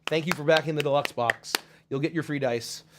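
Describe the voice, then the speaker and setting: A man hosting a live stream, reading out chat comments with loud excitement and casual swearing. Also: a little fast, background noise. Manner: excited, swears casually, swings from loud hype to low mumbles. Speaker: livestream host.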